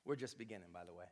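A man's voice: deep voice, slight background noise. A man preaching a sermon as a pastor, speaking with impassioned emphasis. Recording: long reverb of a large hall.

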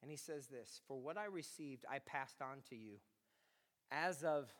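A man preaching a sermon to a congregation, swinging from quiet conversational talk to loud shouting. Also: medium pitch, animated, unhurried. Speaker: pastor. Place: large room with congregation. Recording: long hall reverb.

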